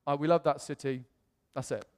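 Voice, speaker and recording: An English pastor preaches a storytelling sermon in a big reverberant hall, his voice a little high for a man and a little fast. He relates a personal story with lots of energy, animatedly acting out quoted voices while the sound trails off in a long echo.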